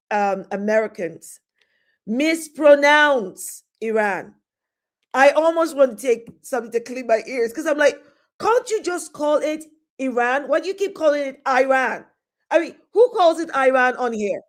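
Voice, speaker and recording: A middle-aged woman hosting a live stream, chatting casually and greeting viewers by name with frequent laughs. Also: a little high. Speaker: host of a live talk stream.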